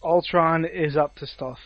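A man co-hosting a casual chat who drops in dry, joking remarks. His voice is fairly high for a man. The recording is dull and lo-fi, with no echo at all. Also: fairly even intonation, measured pace. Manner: wry, joking asides.

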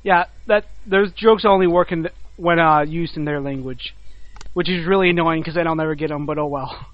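A man's voice: fairly high pitch, fairly quick, no room sound. A young American man co-hosting a podcast, laid-back and joking in casual chat. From United States. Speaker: podcast co-host. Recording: dull lo-fi dry mic.

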